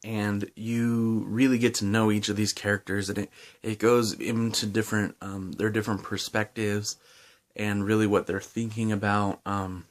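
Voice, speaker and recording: A man's voice: fairly low pitch, flat delivery, normal speed. A man giving a casual, enthusiastic book review with lots of fillers and restarts while chewing gum.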